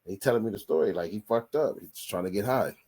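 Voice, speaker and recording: A man's voice: lowish voice, expressive, fast, vocal fry, darkish tone, husky. A man in his forties hosting a podcast, telling rambling, profanity-laced stories in a casual chat and often repeating himself. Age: 40s. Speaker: podcast host. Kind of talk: casual storytelling.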